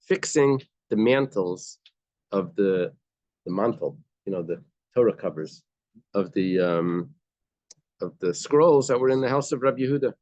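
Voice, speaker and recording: Low-voiced man teaching a Talmud class. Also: a little mellow, no room sound, dull audio. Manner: reads Aramaic text then explains in English, casual and conversational.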